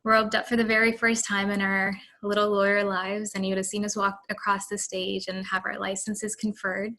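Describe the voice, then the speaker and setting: A woman speaks over a video call as a newly sworn lawyer. Her pitch barely moves and sits in a middle range, and her delivery stays steady. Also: normal speed. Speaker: new lawyer giving a speech. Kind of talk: speech.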